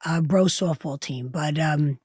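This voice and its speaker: Husky woman guest. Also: sits low, a little mellow, dry recording, clean studio sound. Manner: halting, many fillers and restarts. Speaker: podcast guest, fitness trainer. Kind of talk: casual interview chat.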